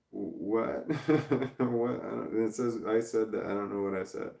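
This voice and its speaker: A man on a casual livestream, reading chat comments aloud and rambling through them with lots of halting restarts. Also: fairly low pitch, steady tone, vocal fry, dark tone, recorded from a distance. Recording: roomy, off-mic sound.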